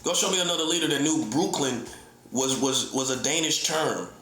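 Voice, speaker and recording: A man's voice: a little high, normal speed, fairly bright tone, a little hiss or hum. A middle-aged man, a self-styled prophet, delivering a heated, combative, preachy online monologue that keeps repeating its points. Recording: echoey room.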